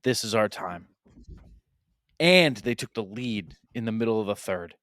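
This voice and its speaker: A man's voice: fairly low pitch, expressive, measured pace, a bit bright, no room sound, clean studio sound. A man co-hosting a sports podcast, talking in a gleeful, mocking way and swearing casually. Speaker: podcast co-host.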